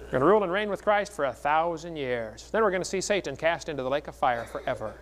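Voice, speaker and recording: A man's voice: a little high, lively intonation, quick pace, a little hiss or hum. A middle-aged man telling stories with jokes at a seminar and acting out the voices of the people in them. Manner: folksy, joking, acts out quoted voices. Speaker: evangelist speaker. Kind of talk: seminar sermon with storytelling.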